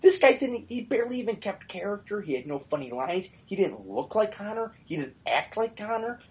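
A man's voice: sits high, big pitch swings, brisk, a little mellow, highs cut off. A man co-hosting a podcast in casual, opinionated chat, blunt and swearing freely with rambling asides. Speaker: podcast co-host.

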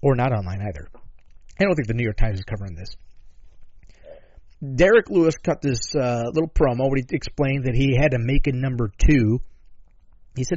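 A man's voice: medium pitch, lively intonation, normal speed, long pauses, a little mellow, dry recording. A man hosting a talk show who rambles in a sarcastic, profane way, with many asides and swearing. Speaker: podcast host. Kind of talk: casual profane commentary. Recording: dull lo-fi dry sound.

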